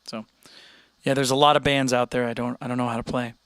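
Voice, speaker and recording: A man's voice: mid-range voice, little pitch movement, fast talker, a bit bright, smooth, dry recording. A man hosting a casual livestream chat, rambling and laid-back, laughing often. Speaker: streamer host.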